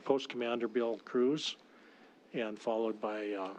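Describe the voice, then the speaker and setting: A man, a state senator, introducing a bill at a legislative committee hearing, speaking haltingly with frequent restarts. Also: mid-range voice, steady tone, darkish tone, dull audio, slight background noise. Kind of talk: formal committee testimony.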